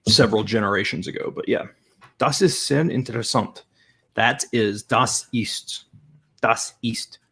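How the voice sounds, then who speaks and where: A man's voice: lowish voice, husky. A man hosting a casual live stream, chatting and thinking aloud as he tries an app and repeats practice phrases. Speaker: language-learning channel host.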